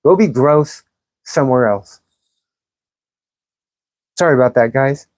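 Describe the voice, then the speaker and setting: On her livestream, this woman reads viewer comments and answers them with profane, sarcastic bluntness, picking fights and calling people out. Her bass voice is slow and darkish, with no room sound.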